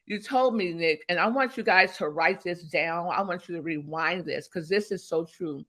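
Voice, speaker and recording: Bright-voiced woman guest, emphatic, lively motivational storyteller. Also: fairly low pitch, normal speed. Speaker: guest, business strategist. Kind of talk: motivational interview talk.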